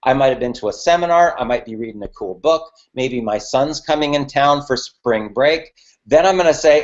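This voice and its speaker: A man's voice: mid-range voice, lively intonation, normal speed, muffled recording. A man teaching business networking, emphatic, checking in with the audience after nearly every point. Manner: emphatic, repeats "okay" and "right" to the audience. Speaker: business mentor. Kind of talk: coaching webinar talk.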